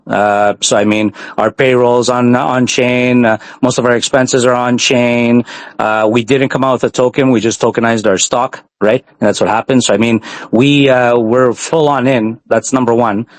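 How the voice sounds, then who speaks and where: A man's voice: medium pitch, no echo. A man from Montreal, a guest on a live stream interview, explaining his company earnestly at length with frequent fillers. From Canada, Montreal.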